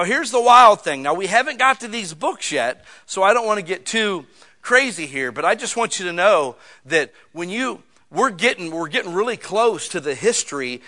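Man, middle-aged, pastor, sermon, high voice, animated folksy delivery. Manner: animated, folksy storytelling with sudden shouts.

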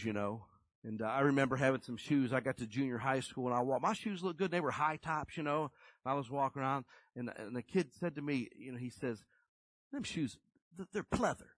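A man's voice: medium pitch, no room sound, rough recording. A middle-aged man preaching a sermon in a conversational, emphatic storytelling way.

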